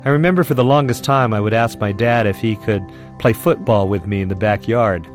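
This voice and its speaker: A man's voice: on the low side, brisk. Guy remembering his dad fondly, guitar music in the background. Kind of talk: personal reminiscence.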